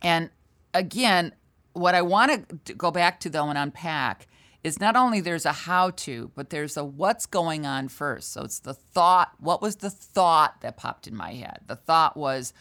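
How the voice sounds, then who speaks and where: Older female sales trainer, low voice, candid and animated storyteller. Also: measured pace. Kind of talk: storytelling in a conversational interview.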